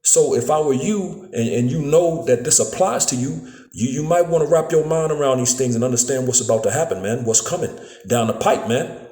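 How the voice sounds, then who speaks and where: A preacher gives a casual, street-style scripture lesson recorded on a phone, peppering it with "man" and "you know what I'm saying" and tripping over repeated words. His voice is medium-pitched and dark in tone, a little fast, with a roomy sound.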